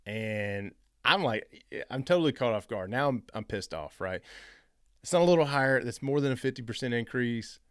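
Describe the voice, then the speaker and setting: A man hosting a show on rental investing, telling a personal story in a casual, animated way and acting out the phone calls he describes. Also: medium pitch, normal speed, few pauses, no echo, clean studio sound. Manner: animated, re-enacts phone calls in quoted voices. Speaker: real estate investing host.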